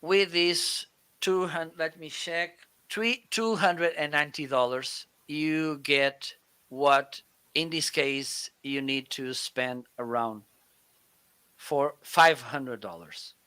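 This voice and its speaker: Male co-host from Portugal, unhurried and crisp, chatty explainer who laughs often, home studio mic. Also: on the high side, steady tone, pushed and bright. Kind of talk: live shopping stream chat. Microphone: studio microphone.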